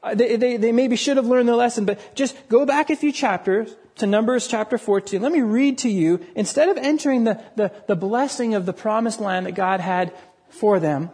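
Husky-voiced male preacher, earnest. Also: high voice, normal speed, darkish tone. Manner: earnest, repeats words for emphasis. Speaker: pastor. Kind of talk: sermon.

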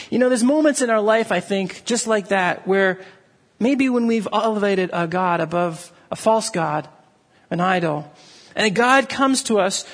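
A man with a high, slightly husky voice delivers a sermon. He tells his story loosely, with restarts and fillers along the way. He sinks to a low, quiet tone when he wants a point to land. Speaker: pastor.

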